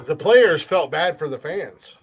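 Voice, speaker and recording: Comedy podcast host, male, slightly high voice. Profane and loose, riffs on words. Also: animated, unhurried, slight background noise. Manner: profane, laughs often, repeats words for jokes. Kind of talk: crude comedic banter.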